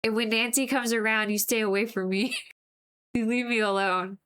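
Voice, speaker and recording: A woman's voice: fairly high pitch, steady tone, moderate pace, fairly bright tone, clean tone. A woman chatting casually with her viewers on a live stream while she paints, rambling and breaking into giggles, with lots of "like" fillers.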